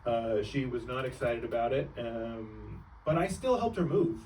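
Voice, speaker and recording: A man's voice: mid-range voice, animated, measured pace, a little mellow, distant mic, slight background noise, poor audio. A young man doing a stand-up comedy set, rambling and breaking off mid-sentence, laughing at his own jokes on a club stage.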